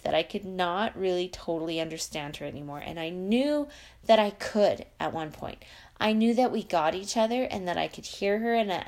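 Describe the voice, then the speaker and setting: A woman's voice: mid-range voice, a little mellow. Gushing young woman reading a book aloud. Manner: gushing, uses "like" a lot. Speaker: book vlogger. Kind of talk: casual chat and reading aloud.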